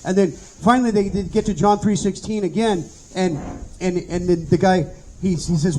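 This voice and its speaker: A man's voice: sits high, fairly even intonation, moderate pace, a little mellow, slight background noise, low-quality recording. A man, a pastor, telling a story during a sermon in an earnest, conversational way, acting out the dialogue he retells.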